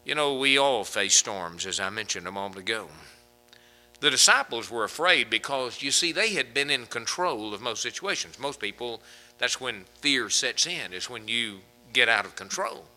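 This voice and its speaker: A man's voice: mid-range voice, expressive, normal speed, bright, forceful tone, rough recording. A man preaching a sermon as pastor, folksy and conversational, chuckling between points.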